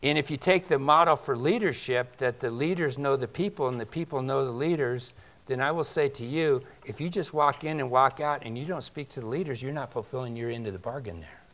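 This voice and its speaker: A man's voice: medium pitch, a little fast. Man preaching with rhetorical questions. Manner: swings between loud emphasis and quiet asides. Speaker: pastor. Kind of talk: sermon.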